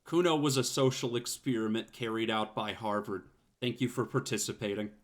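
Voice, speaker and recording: A man's voice: fairly low pitch, fairly even intonation, normal speed. A man streaming a video game, joking and swearing as he reads lines and comments.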